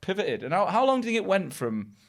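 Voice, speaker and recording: A British man hosting a business podcast, chatting quickly with banter and encouraging questions. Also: sits high, very animated, gravelly. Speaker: podcast host. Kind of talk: casual interview podcast.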